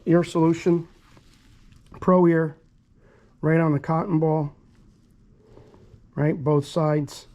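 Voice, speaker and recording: A man, a dog groomer, talking viewers through a hands-on grooming demonstration in an earnest, repetitive way, with soft soothing asides to the dog. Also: a little high, flat delivery, slow, long pauses.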